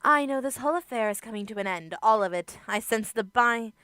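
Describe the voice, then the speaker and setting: A woman's voice: on the high side, animated, brisk, sharp tone, clean tone, no echo. A woman reading aloud as a lonely, ancient female spirit trapped in a crystal, in formal, old-fashioned wording. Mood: solemn. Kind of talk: reading game dialogue aloud.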